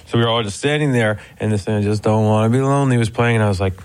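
A man from New Jersey, a musician guest in a radio interview, telling a story in a quick, rambling way. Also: on the low side, clear, resonant tone.

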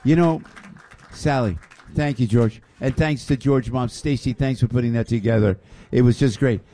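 A man hosting a lively radio show, effusive and often raising his voice. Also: mid-range voice, normal speed. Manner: excitable, effusive, raises voice often.

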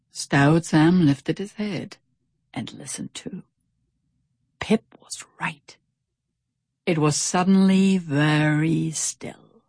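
A woman reading a children's storybook aloud in an expressive, animated way. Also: low-pitched, very slow, pauses often, dry recording, studio quality. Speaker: narrator. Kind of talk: storybook narration.

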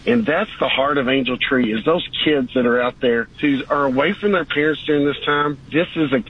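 A man's voice: medium pitch, slightly rough. A man, a charity volunteer, speaking earnestly and a little choked up. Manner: heartfelt, earnest. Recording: dull lo-fi recorded clip.

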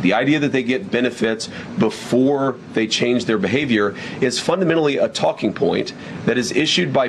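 A man in a played clip, making an earnest, measured policy argument. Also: fairly low pitch. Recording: clip with clear background noise.

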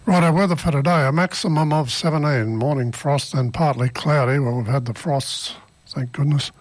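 A man's voice: mid-range voice, moderate pace, no room sound, faint music behind. An Australian man presenting on community radio, chatty and casual as he reads the weather and tells jokes.

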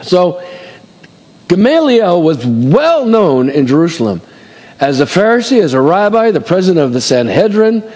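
Man, pastor, middle-aged, high voice, conversational sermon, rhetorical asides, long church-hall reverb. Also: sing-song, normal speed, darkish tone.

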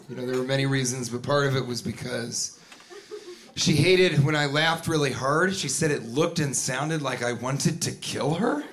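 A man's voice: medium pitch, a bit bright. A man doing a wry, self-mocking stand-up routine, recorded live with an audience. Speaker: stand-up comedian.

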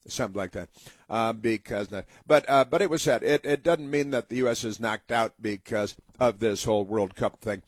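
A man's voice: mid-range voice, moderate pace, no room sound. A man from the United States hosting a casual political commentary monologue, rambling with many fillers and restarts in a mocking tone.

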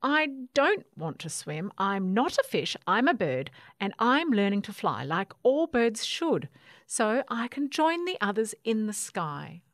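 A woman's voice: mid-range voice, expressive, slow pace, no room sound, clean studio sound. A woman voicing a small, stubborn baby bird with a twisted wing, who snaps when upset and squeals when scared. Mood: frustrated.

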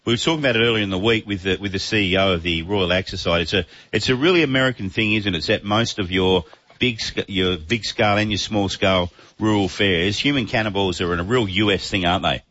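Chatty radio host, low voice. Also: male voice, fast talker, pushed and bright. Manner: chatty, laughs easily. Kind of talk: casual radio chat. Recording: muffled radio broadcast audio.

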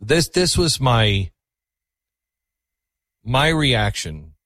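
A man's voice: medium pitch, sing-song, drawn-out words, a bit bright, no echo. A man hosting a call-in radio show, speaking earnestly and reflectively to callers. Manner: earnest, reflective, taking calls. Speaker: radio talk show host.

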